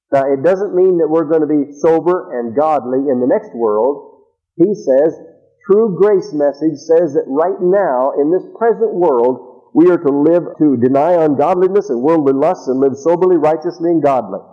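A man with a fairly high voice preaches to his congregation. He reads the verses slowly and with emphasis, then explains them. The sound is muffled and lo-fi, like an old radio broadcast. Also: dark tone. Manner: slow emphatic scripture reading. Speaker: pastor. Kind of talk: sermon.

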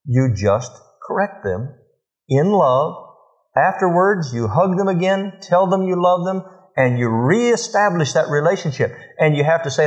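Middle-aged male pastor, folksy storyteller, slightly high voice, muffled lo-fi sermon tape. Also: animated, a little slow. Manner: folksy storytelling, acts out dialogue with his children. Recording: muffled lo-fi recording.

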